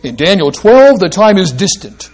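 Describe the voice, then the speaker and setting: A man's voice: high voice, big pitch swings, moderate pace, a little mellow. A man preaching a sermon, emphatic and asking the congregation questions as he explains a passage. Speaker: pastor.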